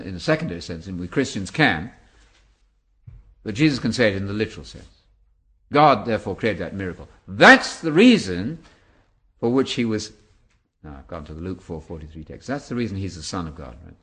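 In his seventies, this Bible teacher answers interview questions with an animated, emphatic delivery much like a preacher's. His voice sits fairly low and moves at a fairly quick clip.

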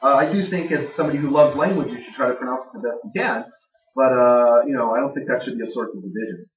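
A man's voice: medium pitch, fast talker. A man giving a conversational Bible teaching to a live audience, plain-spoken with dry jokes. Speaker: Bible teacher speaking to a gathering. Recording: dull, echoey room recording from far off.

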